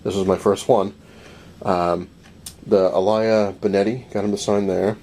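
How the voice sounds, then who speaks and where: A low-pitched man telling a convention story in a loose, rambling vlog style. He keeps quoting what people said, slipping into quick impressions of them, and laughs now and then. A faint hum of room noise sits behind him. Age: adult, married. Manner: rambling, animated retelling with many "he's like" quotes and laughs. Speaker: comic collector vlogger. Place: home room full of comic collectibles.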